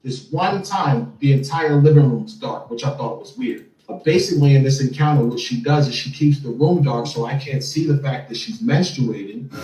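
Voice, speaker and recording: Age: adult. Sex: man. Style: animated interview storytelling, echoey room. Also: medium pitch, moderate pace. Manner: animated, often repeats words. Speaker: interview guest. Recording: echoey room, far from mic, faint music.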